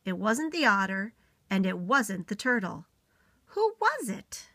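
A woman voicing a lonely, eager young male beaver in a storybook read-aloud, with a high, bright voice. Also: sing-song, measured pace, no room sound, clean studio sound, full character voice. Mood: puzzled.

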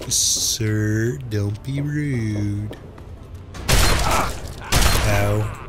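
A man hosting a let's play, giving gameplay commentary full of jokes, swearing and quick reactions. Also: on the low side, music in the background.

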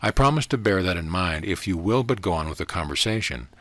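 A man with a deep voice reading the lines of an eager, earnest minister who asks questions and sometimes hesitates, recorded dry. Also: animated, brisk, fairly bright tone, dry recording. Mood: earnest questioning.

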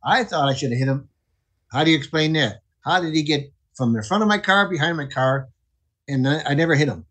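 A man's voice: on the high side, lively intonation, a little fast, fairly bright tone, low-quality recording. A man, a chaplain guest, earnestly telling a personal testimony and acting out the voices in it. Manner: earnest, vivid storytelling with voiced quotes.

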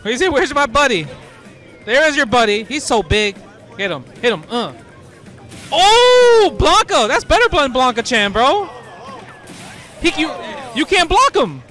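Hyped high-voiced man commentating. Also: sing-song, moderate pace, long pauses, soft background music. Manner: hype reactions, slangy, frequent shouts. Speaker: host commentating pro players. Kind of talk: excited casual commentary.

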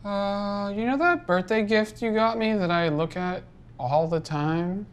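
An actor playing a clueless, self-absorbed young boyfriend in a comedy sketch, talking deadpan and self-pitying. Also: male voice, high-pitched, a little slow. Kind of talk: scripted comedy sketch acting.

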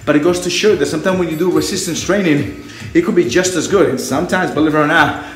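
Man, fitness instructor, high voice, out of breath, very echoey room, mic far off. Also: fast talker. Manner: energetic, encouraging, counts reps aloud. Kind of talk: live workout coaching.

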